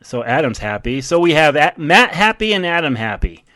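A man's voice: fairly high pitch, sing-song, normal speed, bright, forceful tone, no room sound. A man casually recapping a movie scene by scene, chuckling often as he goes. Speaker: movie recap podcast host.

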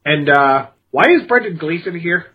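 A man's voice: fairly high pitch, animated, moderate pace, breathy edge, lo-fi sound. A man co-hosting a casual film review chat, blunt and scathing in his criticism. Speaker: podcast co-host.

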